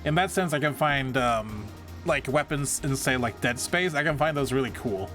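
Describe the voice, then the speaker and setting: A man's voice: mid-range voice, animated, moderate pace, a bit bright, soft background music. Chatty man streaming a game. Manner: chatty, rambling, frequent restarts and laughs. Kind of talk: casual live game commentary.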